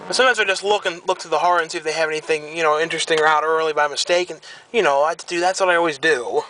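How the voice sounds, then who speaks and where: A young man vlogging, chatting casually and ranting with animated, rambling complaints. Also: fairly high pitch, racing, a little hiss or hum, rough recording. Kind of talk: casual chat.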